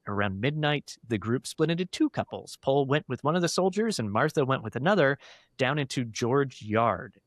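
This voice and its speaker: A man's voice: mid-range voice, no echo. Dry-voiced male podcast host. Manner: recounts cases in detail, animated, quick to laugh. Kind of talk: podcast chat, storytelling.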